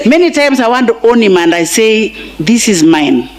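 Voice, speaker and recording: Emotional Kenyan widow with a high voice. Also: female voice, sing-song, normal speed. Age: middle-aged. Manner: emotional, tender, mixing in Swahili phrases. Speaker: widow giving a eulogy. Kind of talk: funeral eulogy speech. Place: large funeral gathering.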